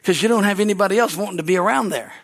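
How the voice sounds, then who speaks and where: A man's voice: sits high, very fast, fairly bright tone. A man preaching a sermon as pastor at a church service, telling stories animatedly with frequent restarts.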